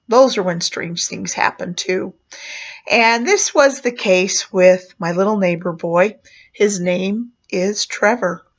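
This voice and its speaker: A woman who once performed as a clown chats through a personal story, a casual spoken memoir full of fillers and small laughs. Her voice is mid-range and a bit bright, and the recording is muffled and lo-fi.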